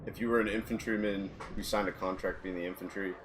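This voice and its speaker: Man, podcast guest, low voice, easygoing, laughs a lot, casual anecdotes, slight background hiss. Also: steady tone, fast. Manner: easygoing, laughs often while telling anecdotes. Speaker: podcast guest, former Marine. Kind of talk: casual storytelling.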